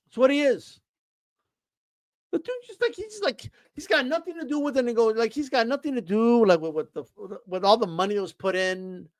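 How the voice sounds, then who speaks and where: A man's voice: high-pitched, dry recording. A man from Texas ranting profanely about boxing on a casual livestream, stumbling over restarts and fillers and mocking others in quoted voices. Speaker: boxing commentator.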